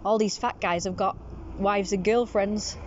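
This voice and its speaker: A woman's voice: steady tone, unhurried, a little mellow, highs cut off, a little hiss or hum. A British woman in a casual outdoor vlog, chatting to the camera while out on a scooter and cooing at a cat. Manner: coos in a high sing-song voice to a cat.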